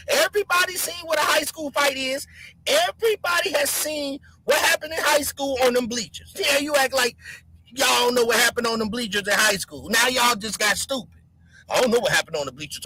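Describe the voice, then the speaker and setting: A live stream host giving heated commentary, answering chat and mocking commenters by name while shouting. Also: sits high, rough recording.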